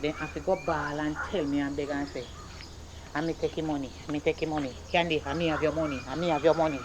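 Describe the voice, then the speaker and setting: A performer playing a stern, broke Jamaican mother who scolds her son in rapid patois. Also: mid-range voice, little pitch movement, noisy background, lightly acted. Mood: scolding. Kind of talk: comedy skit acting.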